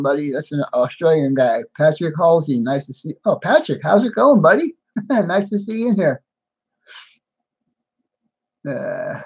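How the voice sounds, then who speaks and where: A man's voice: fairly high pitch, darkish tone, husky, rough recording. A middle-aged man from the United States hosting a live stream, chatting casually and greeting each viewer by name with frequent laughs.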